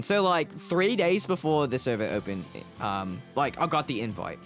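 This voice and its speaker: A man's voice: a little high, lively intonation, moderate pace, a bit bright, soft background music. A young American man streaming, rambling and chatty, laughing often as he talks. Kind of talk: casual livestream chat.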